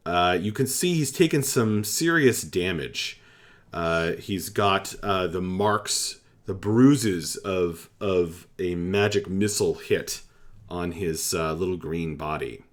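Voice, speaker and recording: Male game master, low voice, slow narration with plenty of fillers.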